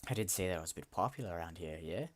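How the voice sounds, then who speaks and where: A man's voice: sits low, lively intonation, very fast. A man voicing a friendly, boastful Norse god in a video game, speaking in a hearty, old-fashioned way. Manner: hearty, old-fashioned speech with "aye" and "lad".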